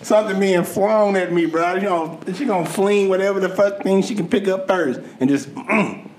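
A man co-hosting a podcast, joking animatedly with lots of profanity and quick bursts of talk. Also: high voice, a little mellow, reverberant, a little hiss or hum, low-quality recording. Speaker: podcast co-host. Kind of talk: casual chat.

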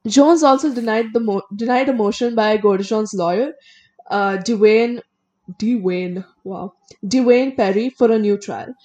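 A woman talks through a criminal case in a relaxed podcast conversation. She reads out the facts and then breaks off to give her own blunt opinions. She trips over a word now and then. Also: on the high side, unhurried. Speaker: co-host. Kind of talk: casual true-crime podcast chat.

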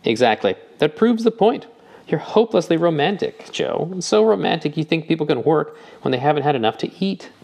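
A man reading an audiobook, voicing a calm, practical older man who speaks in a slow, quiet way. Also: on the high side, creaky, voice pushed up, full character voice.

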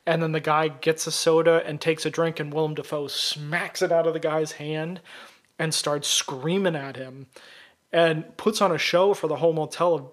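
A man co-hosting a casual podcast, retelling a film scene at length in an animated way. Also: on the high side, moderate pace. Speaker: podcast co-host.

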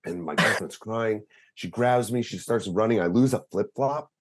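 Co-host, man, thirties: low husky voice, animated storyteller. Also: moderate pace. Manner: animated, laughs through his story, acts out voices. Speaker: podcast co-host. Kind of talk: casual storytelling.

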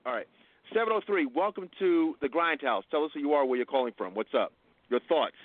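A high-pitched man hosting a call-in radio show, pressing his point and talking over anyone who cuts in. His voice comes through a narrow, phone-like line. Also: expressive, fairly quick, no room sound. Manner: insistent, talks over interruptions.

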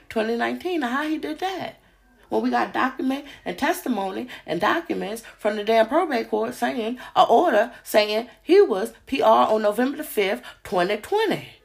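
Fiery gravelly woman ranting on a podcast. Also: medium pitch. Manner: profane, heated, repeats rhetorical questions. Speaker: podcast host. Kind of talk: ranting monologue.

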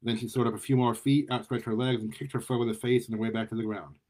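A man reading a superhero story aloud in a lively way, often stumbling and repeating words. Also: medium pitch, fast. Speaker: story reader.

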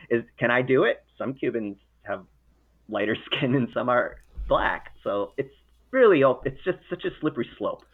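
A man's voice: mid-range voice, expressive, a little fast. Man talking over a phone-thin line. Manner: rambling, restarts and self-corrections. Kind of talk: casual chat. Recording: narrow phone-like sound.

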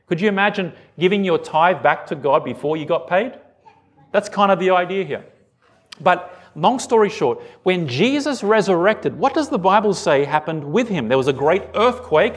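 High-voiced preacher quizzing his congregation. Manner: animated, asks the congregation questions. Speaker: pastor. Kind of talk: sermon.

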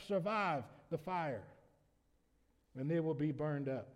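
A man preaching a sermon as pastor, shifting between quiet conversational asides and loud, emphatic preaching. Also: a little high, expressive, slow, pauses often. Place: church sanctuary. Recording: long reverb of a church hall.

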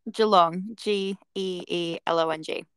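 A woman's voice: fairly low pitch, fairly even intonation, unhurried, clean tone, no room sound. A young woman with an Australian accent, a podcast guest chatting casually with short, dry answers. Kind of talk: casual chat.

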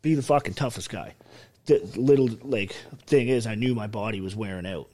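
A man telling stories in a casual chat, animated and heavy on swearing. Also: on the low side, a little fast. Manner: profane, animated storytelling. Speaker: podcast guest.

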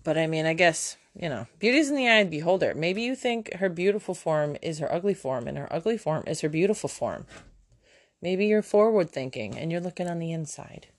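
Chatty self-mocking woman, low voice. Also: sing-song, brisk. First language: German. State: sore mouth, slightly slurred. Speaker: podcast host. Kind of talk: casual solo podcast storytelling. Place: home room with kids nearby.

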